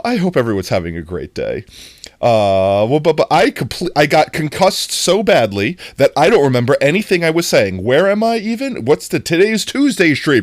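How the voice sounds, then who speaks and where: A livestream host chatting casually with viewers, excitable and playful, often breaking into long laughing fits. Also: mid-range voice, normal speed, no echo. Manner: excitable, greets chat by name; playful, jokey self-talk. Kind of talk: casual live-stream chat.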